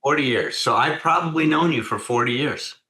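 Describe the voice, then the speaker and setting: A man's voice: mid-range voice, fairly quick, bright, forceful tone, roomy sound. A man co-hosting a podcast, talking in an effusive way that repeats its phrases. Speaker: podcast co-host, doctor. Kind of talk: casual podcast conversation.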